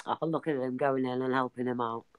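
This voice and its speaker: A woman's voice: very deep voice, fairly even intonation, a little hiss or hum. A woman with a Liverpool Scouse accent, chatting casually and teasing friends on a video call. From Liverpool, England. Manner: chatty, teasing, quick to laugh.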